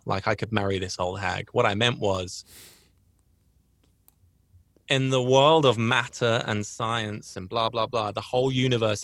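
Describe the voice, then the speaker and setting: A man's voice: medium pitch, fairly bright tone, dry recording, clean studio sound. A man hosting a podcast, telling a personal story in a rambling, earnest way with frequent restarts. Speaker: podcast host. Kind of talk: casual storytelling.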